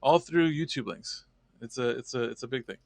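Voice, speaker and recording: A man's voice: mid-range voice, animated, a little fast, creaky, no room sound. A man hosting a casual live stream, rambling and chatty, greeting viewers by name.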